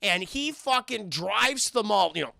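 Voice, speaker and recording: A man giving a casual, profane, excitable scene-by-scene film recap, constantly talking to his live chat. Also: sits high, moderate pace, gravelly, dry recording. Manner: profane, excitable retelling that keeps addressing the chat. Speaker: film reviewer streaming to chat.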